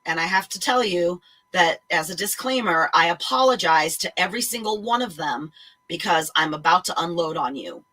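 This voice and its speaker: A woman telling a story in a blunt, animated way and swearing freely. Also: on the low side, moderate pace, rough recording. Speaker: vlogger. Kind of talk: casual chat, ranting story.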